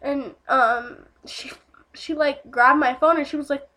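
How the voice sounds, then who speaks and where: A woman's voice: high-pitched, fairly even intonation, measured pace, bright, forceful tone. A young woman telling a casual storytime vlog, rambling with lots of fillers and swearing.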